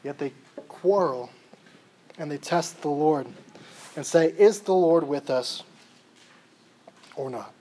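A man's voice: on the high side, slow pace, long pauses, mellow, low-quality recording. A man preaching an expository sermon, reading verses aloud and then explaining them, often asking a rhetorical question and answering it himself. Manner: reads verses aloud between plain explanation.

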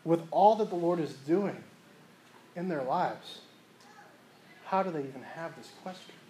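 High-voiced man preaching a sermon. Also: a little slow, mellow, a little hiss or hum, poor audio. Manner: asks rhetorical questions, then answers them; reads verses aloud between plain explanation. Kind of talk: expository sermon reading scripture.

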